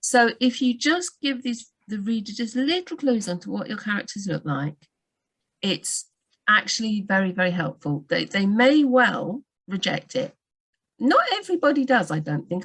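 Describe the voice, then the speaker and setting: A woman working as a book doctor, giving writing advice in a live Q&A over a video call, animated and full of quick asides and restarts. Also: medium pitch.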